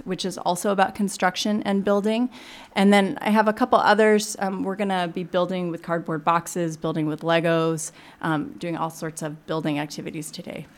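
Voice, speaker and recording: A woman children's librarian speaking as a guest on a radio show, explaining picture books gently with frequent ums. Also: mid-range voice. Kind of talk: casual radio interview, reading aloud.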